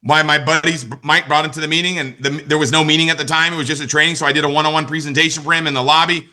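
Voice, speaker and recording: A man in his forties delivers a motivational training talk in a bright, forceful voice pitched a little above the usual. He hammers key lines home by repeating them and keeps asking his listeners whether they understand. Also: fairly even intonation, racing. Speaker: network marketing trainer.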